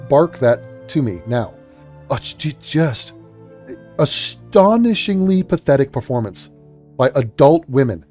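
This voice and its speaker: A man rants through a reaction commentary, sarcastic and swearing freely. His pitch jumps around a lot and his tone is mellow and dark. He keeps an exasperated, scolding edge throughout. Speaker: commentary host.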